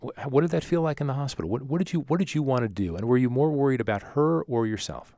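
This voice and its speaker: A man's voice: mid-range voice, quick pace, dark tone, no room sound, clean studio sound. A man hosting a radio show, introducing a guest and asking probing questions in a conversational way. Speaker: radio host. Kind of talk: radio interview. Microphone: studio mic.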